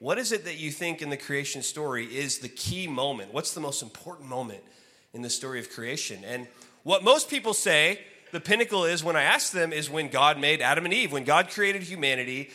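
A man preaching from the pulpit, his voice sitting a little high and sounding bright and forward. He moves between lively, acted-out storytelling and quieter, hushed reflection. A long reverb from the sanctuary trails behind every phrase. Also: a little fast. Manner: animated, acts out his own story with loud exclaimed quotes; drops to soft, hushed delivery for reflective points. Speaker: guest preacher. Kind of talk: sermon with storytelling. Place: church sanctuary. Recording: long reverb of a large hall.

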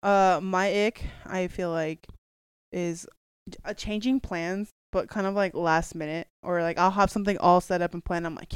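Smooth-voiced woman telling a story. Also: on the low side, moderate pace, no echo. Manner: storytelling, quotes others in lively voices, laughs a lot. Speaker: podcast co-host. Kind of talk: casual chat.

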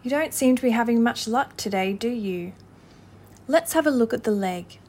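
A woman voicing an excitable, bossy male water rat in a storybook reading. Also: on the high side, normal speed. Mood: kindly.

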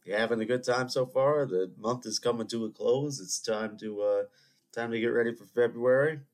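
A man's voice: medium pitch, normal speed. A man hosting a solo podcast, sniffly from a cold, chatting in a rambling, digressive way with joking asides to his listeners. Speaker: podcast host.

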